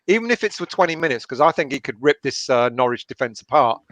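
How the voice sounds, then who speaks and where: A man co-hosting a casual football watch-along, talking in a halting, rambling way. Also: mid-range voice, expressive, a bit bright, dry recording. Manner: rambling, halting, with many restarts and fillers. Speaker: co-host.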